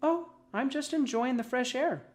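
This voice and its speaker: A man's voice: very high-pitched, a little slow, pitched above the performer's own voice. A man voicing a carefree, encouraging young female worm in a raised, upbeat voice. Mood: cheerful.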